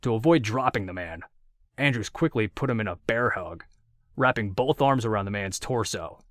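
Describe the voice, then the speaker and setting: A man with a low voice narrates an audiobook, reading steadily and with measure. There is no room sound, just clean studio audio.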